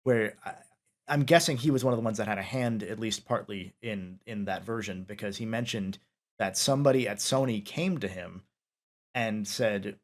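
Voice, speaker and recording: A man's voice: lowish voice, moderate pace. A man hosting a casual interview, talking at length with many fillers and restarts. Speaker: interviewer, podcast host.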